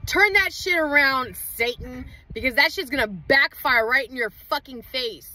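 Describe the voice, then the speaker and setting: High bright-voiced woman ranting profanely. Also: rough recording. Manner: heated, profane, rapid outbursts. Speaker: mother livestreaming an update. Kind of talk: emotional livestream rant. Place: inside her parked truck in a parking lot. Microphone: phone livestream.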